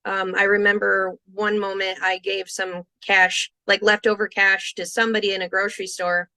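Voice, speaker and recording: A young woman speaks with a bright, tense edge in an earnest, halting way. She pauses and restarts as she quotes her own thoughts. The recording is dry and close, with no room sound. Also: mid-range voice, flat delivery, no room sound. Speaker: podcast guest telling her near-death experience. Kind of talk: personal storytelling interview.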